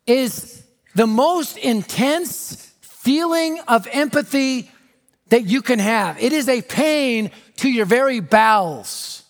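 A middle-aged American man preaching a storytelling sermon, animated and dramatic, dropping to a hush for emphasis. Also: extremely high pitch. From United States. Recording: reverberant hall.

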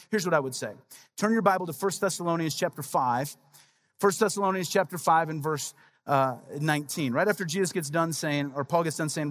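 A man in his forties delivers a sermon as pastor, his voice sitting a little high for a man. He preaches conversationally, weaving personal stories with quick asides to the congregation. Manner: conversational storytelling, frequent "right?" asides.

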